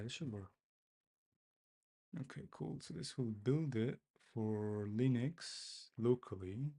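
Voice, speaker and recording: A man's voice: lowish voice, darkish tone. A man talking to himself as he codes, muttering and repeating phrases in a self-mocking way. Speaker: developer streaming his coding. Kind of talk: casual live-coding commentary.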